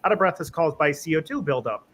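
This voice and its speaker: Animated male respiratory therapist with a slightly high voice who acts out dialogue in his stories, faint noise behind. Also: fast talker. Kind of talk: casual conversation.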